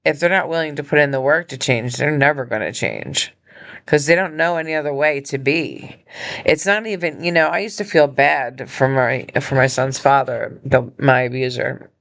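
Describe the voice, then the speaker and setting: A woman hosting her own podcast, speaking from a hospital room in an earnest, halting personal appeal, emotional and injured. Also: a bass voice, gravelly, a bit bright. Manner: earnest, halting, with many pauses and restarts. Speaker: podcast host and nonprofit founder.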